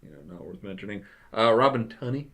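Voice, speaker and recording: A man co-hosting a casual movie review chat, halting with lots of fillers and dry remarks. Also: lowish voice, fairly bright tone. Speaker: podcast co-host.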